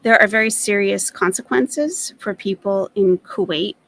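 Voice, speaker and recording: A woman's voice: mid-range voice, unhurried, vocal fry, rough recording. A woman hosting a commentary stream, addressing her chat firmly and earnestly as she sets rules for viewers. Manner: firm, earnest, moderating. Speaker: commentary channel host.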